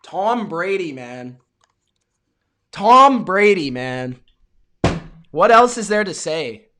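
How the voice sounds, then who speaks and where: Excitable young man streaming game reactions. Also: sits high, slow. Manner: excitable, yells at big plays, talks to chat viewers. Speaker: live stream sports reaction host. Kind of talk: live play-by-play reaction to a game.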